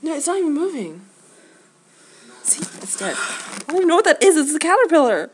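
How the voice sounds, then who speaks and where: A woman's voice: high-pitched, big pitch swings, brisk. A teenage girl in a casual home video, shrieking and laughing in panic. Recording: noisy home camera recording.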